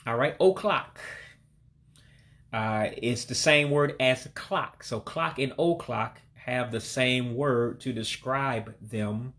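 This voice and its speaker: A man giving a language lesson, patiently repeating vocabulary words slowly and breaking each one down. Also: medium pitch, a bit bright. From heritage learner of Igbo descent. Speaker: language learner teaching vocabulary.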